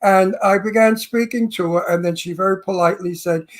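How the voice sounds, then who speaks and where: A man's voice: high-pitched, steady tone, fairly quick. An older male co-host, telling a story in a theatrical, reminiscing way. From Brooklyn. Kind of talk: casual chat.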